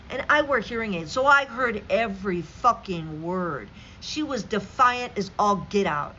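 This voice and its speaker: A woman's voice: mid-range voice, pushed and bright, slight background noise. A woman vlogger reading news stories aloud and ranting about them in an angry, sarcastic, profane way, on dull lo-fi audio. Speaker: political commentary vlogger.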